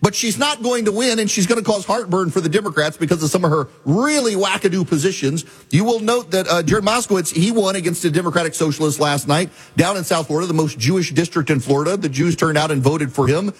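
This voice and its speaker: A man hosting a political talk radio show, talking fast and scornfully with frequent filler restarts. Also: sits high, slightly rough. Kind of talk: opinionated political commentary.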